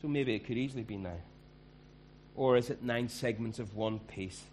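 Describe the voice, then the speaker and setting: A male pastor preaches in a conversational, emphatic manner. His voice sits at a middle pitch, with a faint hum in the background. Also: normal speed, darkish tone. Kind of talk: sermon.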